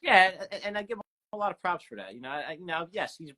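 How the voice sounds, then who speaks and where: A man's voice: sits high, very animated, sharp tone. A man, hosting a casual interview and reading out viewer questions in an agreeable, chatty way. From South Philadelphia. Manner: chatty, agreeable, quick to chime in. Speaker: host.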